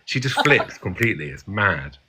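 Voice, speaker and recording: A man chatting casually on a livestream, telling a story quickly and animatedly. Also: low voice, big pitch swings. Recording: faint noise, video call.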